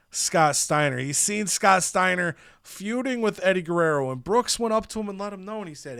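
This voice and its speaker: A man narrating a wrestling video game storyline in an animated way, slipping into the characters. His voice sits a little high and very bright. The recording is dry and close. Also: moderate pace, hardly any pauses, smooth, no echo. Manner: animated, acts out characters' lines. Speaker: gaming channel host.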